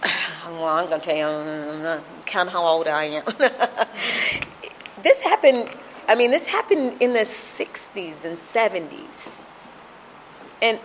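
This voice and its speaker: Halting, emotional woman sharing her story. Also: on the low side, a little hiss or hum. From Compton, California. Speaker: speaker sharing at a recovery fellowship. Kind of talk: personal recovery testimony.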